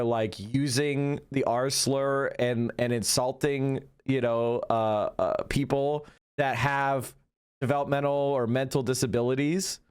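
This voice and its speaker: A man's voice: mid-range voice, clean tone. A man in his forties giving heated, profane live-stream commentary, his voice climbing as he rants. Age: 40s. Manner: profane, ranting, voice climbing when worked up. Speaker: political streamer.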